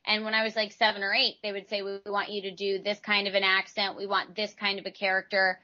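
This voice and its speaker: A woman from Texas talks casually as an interview guest, a voice actress who rambles through her answers and restarts her sentences. Her voice is bright and forward. The recording sounds a little muffled and lo-fi. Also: medium pitch, monotone, fast. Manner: chatty, rambling explanations with restarts.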